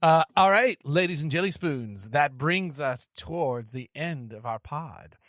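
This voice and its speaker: Animated, excitable podcast host man. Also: fairly high pitch, unhurried, no echo, studio quality. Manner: animated storyteller, repeats words while thinking. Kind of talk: casual chat.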